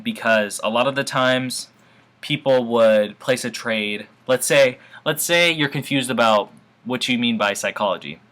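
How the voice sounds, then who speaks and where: A man explains trading charts in a loose, casual tutorial. His voice has a bright, forward edge, and he sounds offhand and unbothered. He keeps addressing the viewers as guys. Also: mid-range voice. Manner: offhand and informal, keeps calling viewers "guys", shrugs things off. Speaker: forex trading instructor. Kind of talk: casual screen-share tutorial.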